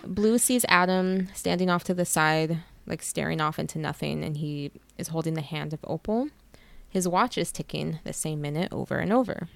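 A woman's voice: low-pitched, moderate pace, gravelly, dry recording. A woman co-hosting a book podcast, casually retelling the plot with swearing and laughter. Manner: retells the plot, swears freely, laughs at her own reactions. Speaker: podcast co-host recapping a book. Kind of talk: casual chat.

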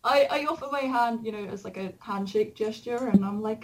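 A woman's voice: a little high, fairly quick, distant mic, low-quality recording. A woman playing a tabletop game, talking politely and hesitantly. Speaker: player. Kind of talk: tabletop role-play, in and out of character.

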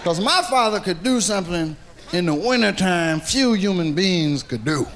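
A male stand-up comedian telling a profane story with animated delivery, acting out the characters. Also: high-pitched, moderate pace, a little hiss or hum. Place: comedy stage, archive recording.

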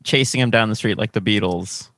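A man's voice: lowish voice, brisk, fairly bright tone, no room sound. Dry-sounding man teasing on a call. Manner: teasing, probing questions. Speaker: podcast co-host. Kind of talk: casual chat. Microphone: video call.

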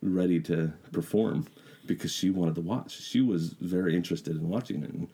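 A middle-aged man co-hosting a podcast, sick and coughing, telling stories in a halting, rambling way. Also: low voice, mellow, husky. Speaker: podcast co-host. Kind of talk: casual chat.

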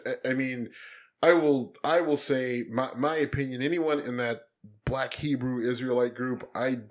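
A man co-hosting a casual political chat, ranting heatedly with plenty of swearing and emphatic rises. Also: mid-range voice.

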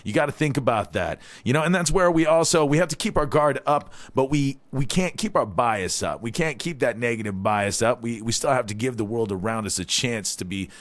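A man's voice: medium pitch, lively intonation, brisk, few pauses, no room sound. A man in his forties from Hawaii hosting a live community radio show in a loose, rambling way, tossing in "all right?" asides.

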